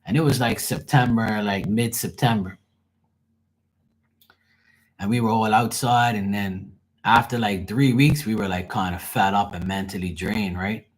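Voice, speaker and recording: A young man, telling a casual, profane and animated story on his livestream. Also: on the low side, unhurried. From Bermuda. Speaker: livestream host.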